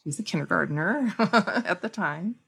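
Low, gravelly-voiced woman telling stories. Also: a little slow. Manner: animated, acts out quoted speech. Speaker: guest author. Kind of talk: conversational storytelling.

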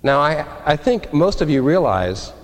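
Preaching in a church sanctuary, this animated pastor keeps his sermon conversational and performs the quotes he cites. His voice is a little high and unhurried, ringing with the long reverb of a big hall.

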